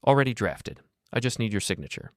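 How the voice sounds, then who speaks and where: A man voicing a calm, capable male lawyer in a story, brisk and reassuring. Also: lowish voice, no room sound, studio quality. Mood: businesslike.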